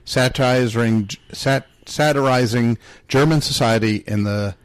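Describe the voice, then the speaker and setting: A man's voice: mid-range voice, unhurried, clean tone, dry recording. A man co-hosting a podcast, reading film trivia and stumbling over names. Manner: reads notes aloud, stumbles on names. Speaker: podcast co-host. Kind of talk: casual chat and reading trivia.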